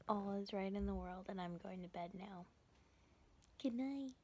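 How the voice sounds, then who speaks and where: In a casual vlog, a young woman gushes emotionally and often breathlessly about the book she's reading. Her medium-pitched voice is warm and slightly rough, moving at a measured pace with long pauses. She might be on a bus, at home, or in a staff room.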